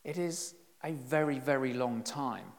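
A middle-aged man giving a conversational, lively sermon with self-deprecating humor, recorded in a church. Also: medium pitch, a little slow. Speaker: preacher. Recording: long reverb in a church hall.

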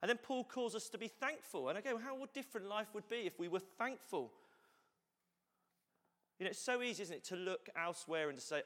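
A man's voice: sits high, lively intonation, moderate pace, fairly bright tone. A man pastor giving a conversational sermon to his congregation, often saying "you know" and "so cool". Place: church hall. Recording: long hall reverb.

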